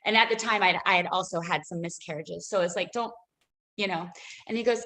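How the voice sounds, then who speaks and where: A woman's voice: lowish voice, steady tone, fast talker, pushed and bright, rough recording. A woman, a business owner, telling a personal story as a guest on a radio interview, emotional and rambling with many fillers and restarts.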